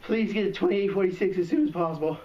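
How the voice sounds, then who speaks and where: Shaken, winded man on a muffled, echoey emergency call recording, heard from a distance, slightly high voice. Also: background noise. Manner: shaken, rambling, halting with fillers. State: out of breath. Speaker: 911 caller.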